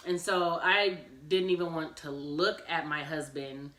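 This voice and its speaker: A woman's voice: sits low, measured pace, fairly bright tone. A woman telling a personal story in a casual vlog, chatty and acting out the dialogue as she goes. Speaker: vlogger. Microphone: phone camera. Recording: echoey room, mic at a distance.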